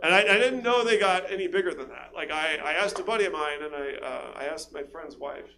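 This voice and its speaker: A man's voice: a little high, fairly quick, gravelly, bright, forceful tone. A man from California doing a rambling, self-deprecating stand-up set, stammering through restarts and laughing at his own jokes on a stage mic before a live audience. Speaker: stand-up comedian. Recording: noisy live show with hum.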